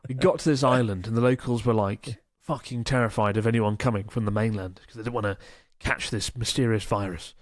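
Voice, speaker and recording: A man's voice: lowish voice, fairly even intonation, a little fast, hardly any pauses, no room sound, clean studio sound. A man co-hosting a casual podcast, reading out listener emails and chatting enthusiastically, swearing casually now and then.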